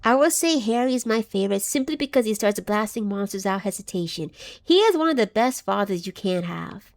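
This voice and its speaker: A woman's voice: mid-range voice, animated, a little fast. A woman streaming a game live, chatting casually and reading chat aloud, scattered and giggly as she loses her train of thought.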